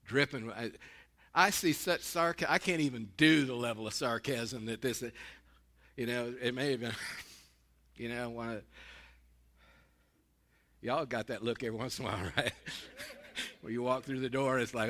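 A man preaching in a small church, folksy and animated. His fairly high, bright voice swings widely in pitch. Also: moderate pace. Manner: folksy and animated, with laughing asides. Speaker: pastor. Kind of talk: sermon.

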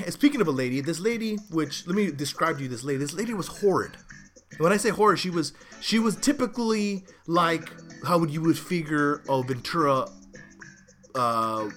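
A show host with a fairly high, fairly bright voice tells a story in a casual monologue. It's loose and rambling, full of restarts and side remarks.

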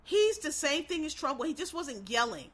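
A woman's voice: high-pitched, big pitch swings, moderate pace, fairly bright tone. A woman giving a blunt, profane, emphatic rant of casual political commentary, talking straight to her listeners.

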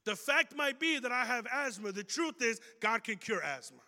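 Man preaching, high voice, bright and forceful, animated joking sermon. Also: moderate pace. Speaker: pastor. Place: church auditorium. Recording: reverberant hall. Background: long hall reverb.

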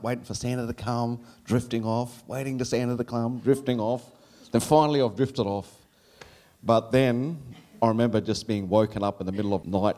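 Man, 50s, from Australia, low voice, live stage storytelling, animated, laughing. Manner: animated, laughs through his story, jumps high when quoting his child self.

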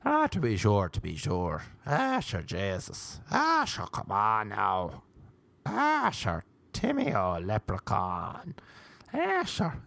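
A man's voice: on the low side, huge pitch swings, takes it slowly, vocal fry, a bit bright, no echo, exaggerated voice. An Irish man voicing an American man faking a cheesy stage-Irish brogue, exaggerated and swooping. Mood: mocking.

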